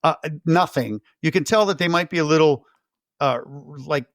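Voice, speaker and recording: A man co-hosts a movie podcast with teasing banter, ribbing his partner as they talk. His voice sits a little high. The recording is dry, with no echo around him. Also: moderate pace, a bit bright. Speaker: podcast co-host. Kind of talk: casual movie commentary.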